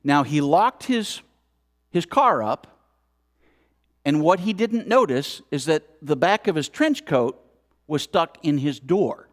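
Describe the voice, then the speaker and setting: At a spiritual center service, a man with a slightly high voice gives a storytelling sermon, animatedly acting out scenes with exclamations. He takes it slowly, with long pauses.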